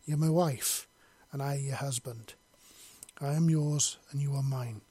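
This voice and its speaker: Man reading as a tender steady husband. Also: mid-range voice, unhurried, husky, no room sound. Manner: gentle and earnest.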